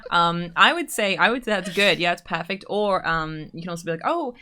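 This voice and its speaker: A woman's voice: fairly low pitch, fairly quick, crowd noise. A woman co-hosting a podcast in casual chat, teasing her co-host and giving dating advice. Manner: teasing, joking, gives advice.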